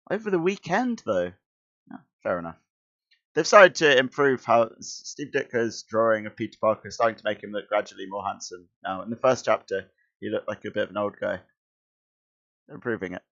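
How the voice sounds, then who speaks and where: A man's voice: on the low side, animated, brisk, a bit bright, highs cut off. A man who teaches school, reading a comic aloud on a stream and breaking off into chatty, amused asides. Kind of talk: casual comic read-along commentary.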